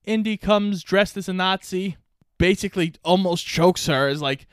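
Smooth-voiced man recapping a movie. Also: high voice, normal speed, no echo, clean studio sound. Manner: recaps plot, quoting lines in offhand voices. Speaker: podcast co-host. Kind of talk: casual movie recap chat.

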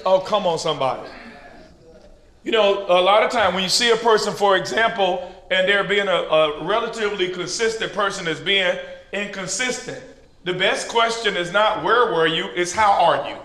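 A man preaching at a leader training, teaching through call-and-response and building to shouted peaks. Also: sits high, normal speed. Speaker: pastor leading a leader training. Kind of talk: sermon-style teaching. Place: large church hall with an audience. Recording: echoey hall with crowd responses.

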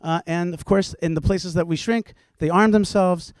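Forceful, fairly high-voiced man arguing on stage. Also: fairly even intonation, normal speed, no room sound, studio quality. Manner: forceful, rhetorical questions, frequent "uh" fillers. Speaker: panelist, rabbi. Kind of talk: impassioned panel argument. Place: stage before a live audience.

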